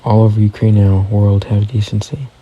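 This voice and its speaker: A man's voice: fairly low pitch, little pitch movement, normal speed, dark tone, dull audio. A man hosting a casual news recap, reading headlines and adding offhand personal comments. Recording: faint background noise.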